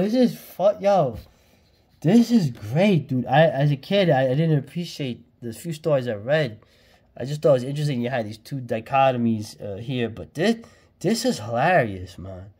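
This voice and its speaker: This guy's mid-range voice has a breathy edge as he runs a casual vlog. He's reviewing a vintage comic, full of slangy, excited talk and plenty of laughter.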